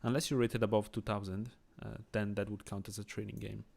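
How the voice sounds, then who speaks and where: Swiss guy streaming chess, low gravelly voice, chats with viewers and thinks out loud, english isnt his first language. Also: level tone, a little fast. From Switzerland. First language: not English. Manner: chatty, thinks aloud, reads chat and greets viewers. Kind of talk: casual live-stream commentary.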